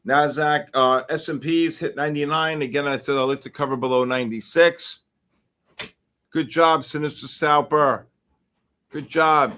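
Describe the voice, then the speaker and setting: A man hosting a live futures trading stream, commenting casually and excitedly on the market. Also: on the high side, normal speed. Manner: excitable, exclaiming and talking to himself over charts. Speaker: livestream trading host.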